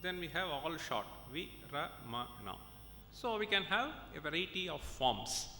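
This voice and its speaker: An Indian man gives a conference lecture as a professor, working through examples patiently and pausing to check that listeners follow. His voice is very bright and a little high. He is recorded in a reverberant hall with a faint low rumble underneath. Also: very animated. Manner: explains step by step, checks in with "okay?" and "right?".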